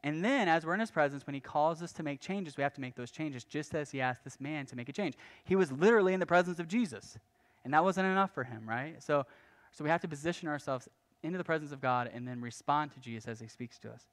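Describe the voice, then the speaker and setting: A pastor preaching a sermon in a casual, conversational way, often restarting phrases and adding light asides. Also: male voice, a little high, quick pace. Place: church.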